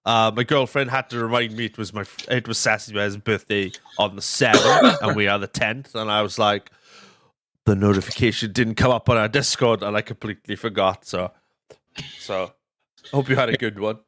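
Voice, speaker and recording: Young man, podcast host, rambling casual chat, lowish voice, dry close mic. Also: normal speed, a bit bright, no echo. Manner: rambling, stumbles over words, swears casually.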